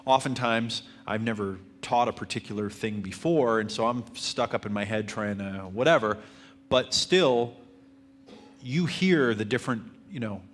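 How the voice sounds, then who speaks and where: A man teaching marketing at a live seminar, answering audience questions in a fairly even, self-described monotone manner. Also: lowish voice, moderate pace. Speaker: marketing instructor.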